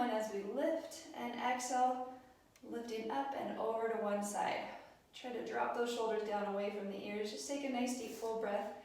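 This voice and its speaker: A woman leading a yoga class, speaking gently and encouragingly with frequent ums. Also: on the high side. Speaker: yoga instructor. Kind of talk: guided yoga class instruction. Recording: roomy echo, mic set at a distance.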